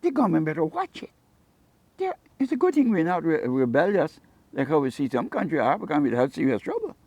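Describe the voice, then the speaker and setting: Older man, Caymanian accent, gravelly voice, lively pitch, dry close sound, rambling storyteller. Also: a little fast, no echo, lo-fi sound. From Cayman Brac, Cayman Islands. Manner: animated storyteller who acts out quoted dialogue. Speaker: interviewee, local fisherman and jewelry maker.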